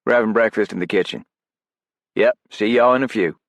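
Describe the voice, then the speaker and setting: Man voicing clean-cut Southern soldier, drawling, brisk, audiobook, gravelly. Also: fairly low pitch, dry recording, pitched above the performer's own voice, lightly acted. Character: Southern, clean-cut young male special ops operator.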